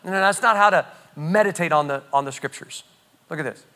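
A man preaching a sermon, emphatic and animated, often repeating phrases as he teaches. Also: a little high, fairly quick. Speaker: pastor.

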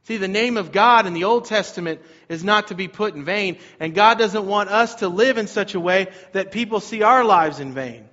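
Energetic preaching man with a high voice. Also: normal speed, few pauses, lo-fi sound. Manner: energetic preaching, asks the congregation to repeat lines. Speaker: pastor. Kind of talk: sermon.

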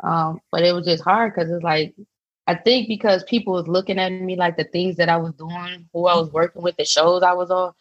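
A woman guest speaks candidly and a little hesitantly in a casual interview. Her voice sits slightly low and comes through dull, dry remote audio. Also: fairly even intonation, fairly quick, dry recording. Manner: candid, hesitant, lots of fillers. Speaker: author and guest.

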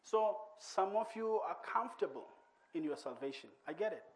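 A man delivers a sermon from the pulpit through a church microphone. His voice sits high for a man. He speaks earnestly and swells into loud, emphatic declarations. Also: animated, normal speed, husky. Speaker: preacher. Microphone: microphone on a church sound system.

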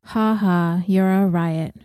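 A woman narrator voicing a blunt, troubled woman who talks in a wry, gruff, self-mocking way. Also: lowish voice, fairly even intonation, slow, mellow, no echo, clean studio sound. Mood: weary.

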